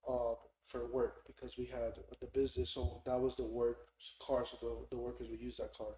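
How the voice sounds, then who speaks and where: A man's voice: mid-range voice, normal speed. A young man hosting a podcast, chatting casually and telling a story, acting out the people in it. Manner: animated storyteller, mimics people loudly in quotes. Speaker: podcast host. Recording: echoey room.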